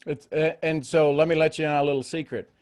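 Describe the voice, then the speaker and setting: A man's voice: fairly high pitch, fairly even intonation, fast talker, a little mellow. A man co-hosting a casual call, explaining things in a confident coaching manner. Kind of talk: casual chat.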